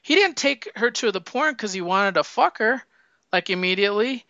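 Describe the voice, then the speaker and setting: A man chatting casually about a film, telling the story in an animated way and acting out the lines. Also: sits high, normal speed, no room sound. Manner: animated storyteller, acts out quotes. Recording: dull lo-fi sound.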